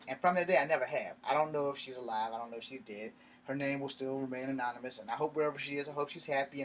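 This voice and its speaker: A man's voice: mid-range voice, fairly bright tone. Profane man rambling through a story. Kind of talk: casual storytelling vlog. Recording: faint background noise.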